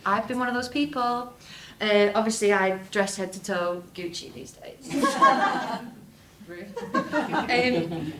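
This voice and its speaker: A young woman with a Lancashire accent giving a talk at a folk festival, with a wry, self-mocking humour and laughing asides. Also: mid-range voice. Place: festival talk venue, indoors. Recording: echoey room from a live talk.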